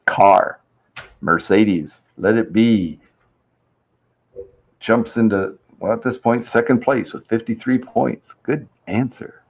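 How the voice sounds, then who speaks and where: In a lowish voice, the man talks slowly while hosting a laid-back live-stream survey game. He's chatty, reading audience answers aloud and laughing easily.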